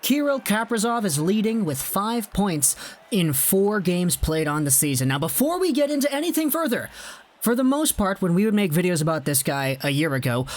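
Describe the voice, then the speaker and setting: A young man hosting a hockey video, talking in a chatty, rambling, lively way. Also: high voice, a little fast, a little hiss or hum. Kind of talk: casual commentary to camera.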